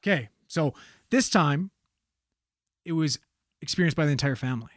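A man casually retelling a spooky story on a podcast, animated and swearing freely. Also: on the high side, normal speed, no room sound, clean studio sound. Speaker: podcast co-host telling a story.

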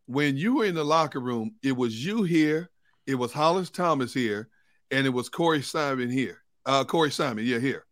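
Guy hosting a sports show, bright voice, dry studio sound, telling locker room stories. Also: mid-range voice, lively intonation, normal speed, no echo. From United States. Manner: storytelling, laughing through anecdotes. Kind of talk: casual sports talk.

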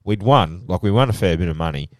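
Deep-voiced Australian young man, animated. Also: quick pace, no room sound, studio quality. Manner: animated storytelling, heavy swearing. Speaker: podcast co-host. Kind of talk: casual chat.

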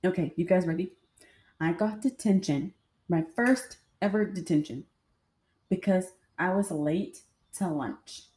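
Speaking a little slowly in a warm, fairly low voice, a young woman vlogger chats with viewers about her own life. Her storytelling rambles and is full of fillers, and the space around her is echoey.

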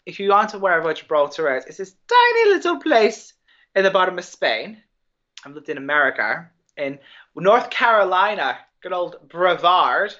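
A man's voice: fairly high pitch, lively intonation, normal speed, pushed and bright, highs cut off. A young man from England with a hard-to-place mixed accent, a guest chatting casually and jokingly, rambling with lots of fillers. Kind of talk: casual podcast chat.

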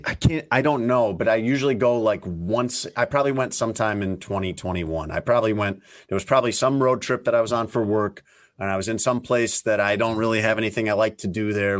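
A man co-hosting a sports podcast, chatting casually and rambling through stories. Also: fairly low pitch. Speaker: podcast co-host. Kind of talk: casual chat.

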